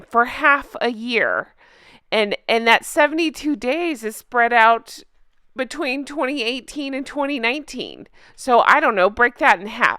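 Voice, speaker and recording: A woman vlogger giving casual commentary to her viewers, incredulous and emphatic, breaking into laughter and slowing down to stress her points. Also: on the high side, a bit bright, clean tone, dry recording, studio quality.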